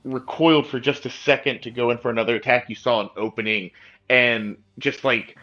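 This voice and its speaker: Bright-voiced man running a tabletop game. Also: mid-range voice, steady tone, fairly quick, lo-fi sound. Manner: loose descriptive narration with many "like" fillers. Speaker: game master.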